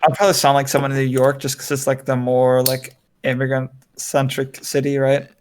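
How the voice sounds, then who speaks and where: A man's voice: mid-range voice, monotone, brisk, slight background noise. A man hosting a podcast in a casual chat, rambling and filling his talk with "like" and "right?". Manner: rambling, heavy use of "like" and "right?". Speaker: podcast host. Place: lives in Korea.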